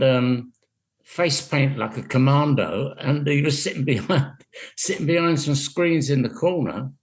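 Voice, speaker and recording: An older man from England, a guest on a radio show, telling stories in a dry, wry way over a video call. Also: medium pitch. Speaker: guest musician. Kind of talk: casual radio interview.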